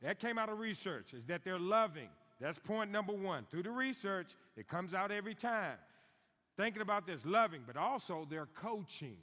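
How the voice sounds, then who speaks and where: Lively emphatic man preaching in a hall. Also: sits high. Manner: emphatic, repeats key lines, slows for stress. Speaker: guest preacher on fathering. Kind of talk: sermon. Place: church sanctuary. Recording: long hall reverb.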